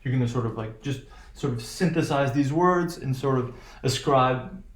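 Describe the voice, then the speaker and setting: An American-accented man teaches a class on intonation, speaking at normal speed in a medium-pitched voice. He's hesitant, fills pauses constantly, and keeps checking in with "right?", all in an echoey room.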